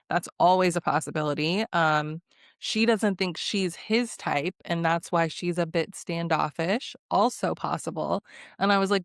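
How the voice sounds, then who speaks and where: Brief: young woman recap host, sassy and blunt, lowish smooth voice, dry close sound. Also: dry recording. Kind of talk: casual episode recap commentary.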